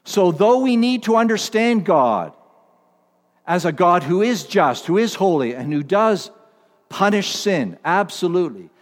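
A pastor preaching a sermon, stressing and repeating key words, swinging from loud declarations to hushed, low lines. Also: male voice, big pitch swings, measured pace, long reverb tail.

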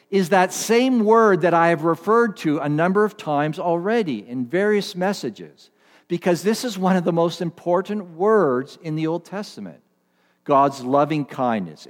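A pastor preaching a sermon, stressing and repeating key words, swinging from loud declarations to hushed, low lines. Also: male voice, big-room sound.

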